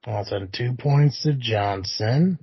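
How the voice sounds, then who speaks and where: A man hosting a podcast in relaxed, casual chat, with many filler words. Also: medium pitch, slow pace, breathy edge, no echo. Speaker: podcast host. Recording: dry, lo-fi.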